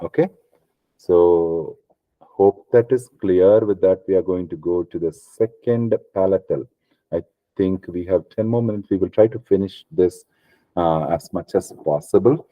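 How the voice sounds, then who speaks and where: A man's voice: low voice, unhurried, no room sound, dull audio. A man teaching a class on Sanskrit pronunciation, patiently repeating each sound and checking in with "okay" after almost every step.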